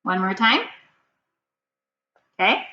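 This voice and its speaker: A woman teacher leading a phonics reading lesson for young children, prompting slowly and patiently, sound by sound. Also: medium pitch, expressive, pushed and bright. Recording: dull, slightly noisy, roomy sound.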